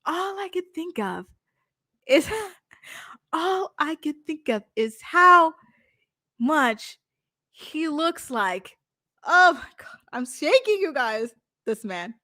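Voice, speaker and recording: A woman's voice: high voice, expressive, slow, pauses often, sharp tone, no echo. A young woman chatting to her livestream viewers as she recaps a reality show, giggly and dramatic, talking into a close mic. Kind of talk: casual livestream commentary.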